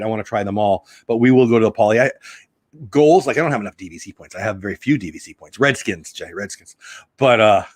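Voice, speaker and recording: A man's voice: medium pitch, dry recording, studio quality. Chatty man hosting a live stream. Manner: chatty, jokey, reads headlines and greets chat viewers. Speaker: host of a live news stream. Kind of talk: casual live-stream chat.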